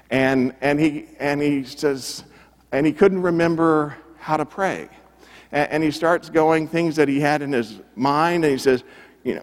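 Earnest preacher in a reverberant hall. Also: male voice, on the high side, unhurried. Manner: earnest, repeats phrases for emphasis, drops to a hush at key moments. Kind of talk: sermon storytelling.

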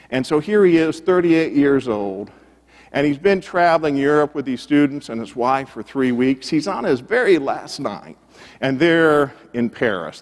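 A man delivers a sermon as a story, earnest and steady in a middle pitch. He repeats phrases for weight and drops his voice to a hush at the key moments. His words ring with a long reverb, as in a church sanctuary. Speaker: preacher.

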